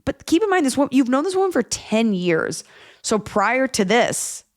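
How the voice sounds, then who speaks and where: A woman's voice: on the high side, normal speed. A woman hosting an advice podcast, chatting casually and bluntly, acting out the people she talks about. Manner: blunt, animated, acts out quoted voices. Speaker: podcast host giving advice.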